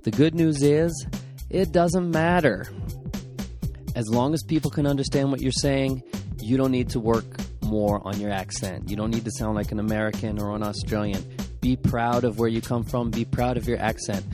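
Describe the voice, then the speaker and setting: A man's voice: mid-range voice, fairly even intonation, moderate pace. A man hosting a podcast, giving an upbeat, encouraging intro. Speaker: podcast host. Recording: music bed under the voice.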